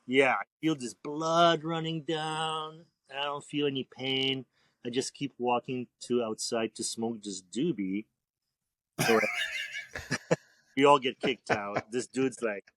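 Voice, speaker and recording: On a podcast, a tattoo artist guest spins loose, profanity-laced stories in an easygoing manner, the interview casual and story-driven. His voice is mid-range and a bit bright, captured dry with no room sound.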